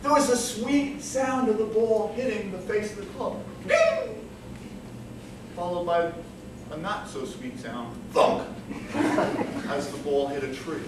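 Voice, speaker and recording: A man giving a humorous competition speech, telling a story with animated comic timing, recorded from a distance in a large hall with the audience laughing. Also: high-pitched, normal speed. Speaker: contest speaker. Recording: echoey hall from far off, with room noise.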